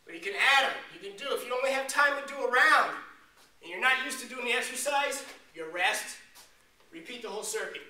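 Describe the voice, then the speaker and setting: A man working as a fitness trainer, demonstrating a workout in an energetic coaching way with jokes. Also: very high-pitched, fairly quick. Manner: energetic, joking coach talk while exercising. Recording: echoey room, distant mic, faint noise.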